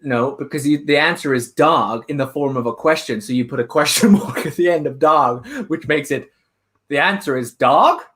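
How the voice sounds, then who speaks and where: A man doing improvised comedy, objecting in a confused, halting way. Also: fairly high pitch, fairly bright tone. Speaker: improv performer. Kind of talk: improvised comedy over video call.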